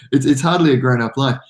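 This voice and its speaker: An Australian man, a guest on a hobby podcast, telling long stories in a casual, rambling way with many restarts and self-deprecating laughs. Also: medium pitch. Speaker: guest modeler.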